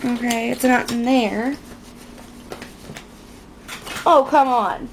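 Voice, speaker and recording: A woman's voice: on the high side, very slow, a little hiss or hum. A young woman chatting casually through a makeup tutorial at home, rambling and self-mocking. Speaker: beauty vlogger.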